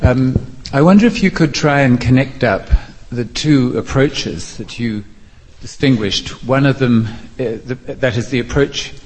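Male audience questioner, husky and slow, careful with many ums, echoey hall. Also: mid-range voice. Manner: measured, careful, with frequent ums. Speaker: audience member asking a question. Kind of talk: formal spoken question.

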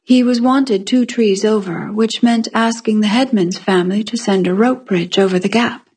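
Woman, breathy voice, mid pitch, calm scripted fiction narration. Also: moderate pace.

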